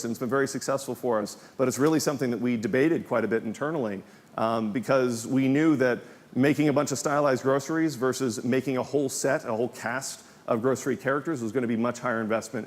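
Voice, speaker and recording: Fast-talking man presenting at a conference. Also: medium pitch. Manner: fast, filler-heavy with frequent ums. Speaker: game developer giving a conference talk. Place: conference hall. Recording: hall reverb from a large room.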